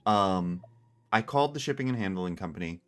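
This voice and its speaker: His voice sits low and is expressive and brisk as this livestream host chats casually over a game stream. He's a rambling, self-interrupting storyteller who restarts his sentences and laughs frequently. Soft background music plays, and he talks through earbuds with a headset mic.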